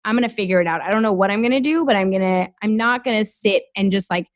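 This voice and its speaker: A woman's voice: mid-range voice, quick pace, dry recording. A woman in her thirties from the United States, a podcast guest telling her story in casual, chatty talk full of "like". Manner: chatty, heavy use of "like", animated storytelling. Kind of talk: casual interview chat.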